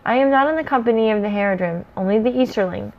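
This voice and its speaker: A woman's voice: on the high side, dull audio, close to an everyday voice. Woman reading as an elegant elf warrior. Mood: grave. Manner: elegant, measured.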